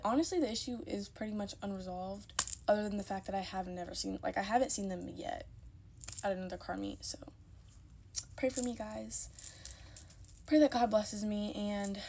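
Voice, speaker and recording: A woman's voice: mid-range voice, mellow, a little hiss or hum. A young woman telling a story in a casual, emphatic way, repeating herself when worked up.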